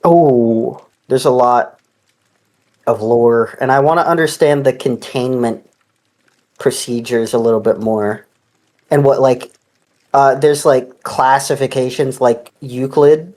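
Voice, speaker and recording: A podcast co-host in casual chat, excitable and blunt, swearing offhand. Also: medium pitch, slow pace.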